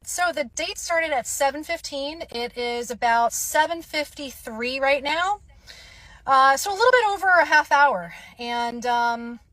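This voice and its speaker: A woman's voice: a little high, pushed and bright, no room sound. A woman recounting a date in a casual vlog, indignant as she retells it.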